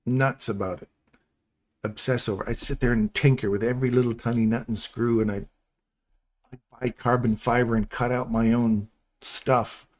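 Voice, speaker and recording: A man's voice: medium pitch, fairly even intonation, moderate pace. A middle-aged man hosting a live stream, talking viewers through trades in a chatty, rambling, jokey coaching way. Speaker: trading stream host. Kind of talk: casual live trading walkthrough.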